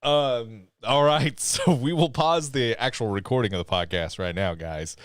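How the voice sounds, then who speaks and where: A man co-hosting a live podcast in casual chat, joking and animated, swearing freely. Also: mid-range voice, moderate pace, dry recording, studio quality. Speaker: podcast co-host.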